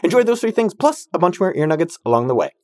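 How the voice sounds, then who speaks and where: A man's voice: high voice, sing-song, fast talker, no room sound, studio quality. A man hosting a podcast, answering listener questions in a casual, jokey, slangy way. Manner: jokey and slangy, full of banter. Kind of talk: casual, hyped Q&A talk.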